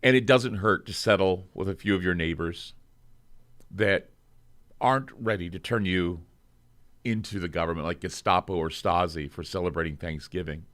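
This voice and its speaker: Deep-voiced man, earnest host monologue. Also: fairly bright tone. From United States. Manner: heartfelt, earnest. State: choking up. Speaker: radio show host. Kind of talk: emotional monologue to viewers.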